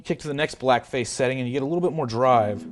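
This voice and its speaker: A man's voice: medium pitch, fast talker. A man giving a casual product demonstration of a guitar amplifier, explaining settings loosely with frequent fillers and hedges. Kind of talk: casual product demo walkthrough.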